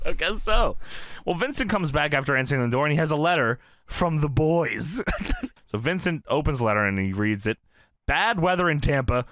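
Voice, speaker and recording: A man's voice: a little high, fairly quick, no room sound, clean studio sound. A man co-hosting a podcast, recapping an old wrestling show in casual chat and acting out the quotes with lots of laughing. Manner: animated, laughs often, acts out quotes. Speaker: podcast co-host.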